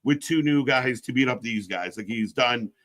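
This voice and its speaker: A man hosting a live wrestling watch-along stream, talking in casual, sarcastic and profane commentary, jumping between shouts and low mutters. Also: moderate pace.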